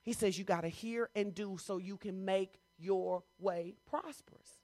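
Here a woman pastor with a medium-pitched voice takes her time, preaching in a conversational way full of rhetorical questions. Her sermon climbs to loud, emphatic peaks, captured in a dry recording.

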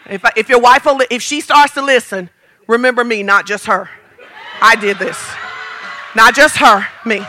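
A man with a strikingly high, piercing voice preaching a sermon. He is animated and playful, slipping into quick acted-out scenes and raising his voice to a shout for emphasis. His bright, sharp tone cuts through. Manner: animated preaching, acts out quotes, playful humor. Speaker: pastor.

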